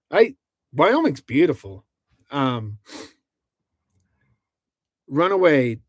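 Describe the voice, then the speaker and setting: A man's voice: medium pitch, unhurried, long pauses, dry recording, clean studio sound. A man hosting a casual livestream from inside a truck camper, rambling with many restarts as he reads out viewer comments. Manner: rambling, many restarts, laughs between lines. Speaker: livestream host.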